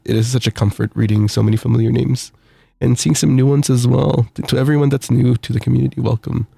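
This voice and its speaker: A man's voice: mid-range voice, fairly even intonation, fast, creaky, dark tone, slightly rough, no echo, studio quality. A man streaming while sick with the flu, cheerfully reading out viewer messages with little laughs and stammers. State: sick with the flu, itchy throat. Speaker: VTuber streamer.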